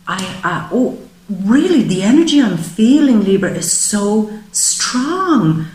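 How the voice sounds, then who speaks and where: A woman gives a psychic tarot reading in a mid-range, sing-song voice that is slow and darkish. She speaks with emotion, voicing the feelings she senses in the person she's reading for. The recording is low-quality and reverberant.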